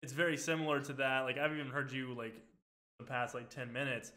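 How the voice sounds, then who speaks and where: A man in his twenties hosting a casual gaming podcast, talking loosely and filling every pause with "like" and "dude". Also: medium pitch, steady tone, pushed and bright. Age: 20s. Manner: chatty, peppers speech with "like" and "dude". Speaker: podcast host. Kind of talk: casual chat.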